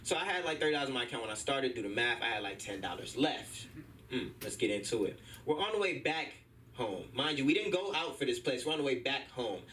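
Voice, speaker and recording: A young man performing a stand-up set at an open mic, telling animated stories and acting out the people in them. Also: medium pitch, fast talker, distant mic, a little hiss or hum, poor audio. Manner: animated storytelling, acting out voices. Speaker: stand-up comedian. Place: comedy club stage.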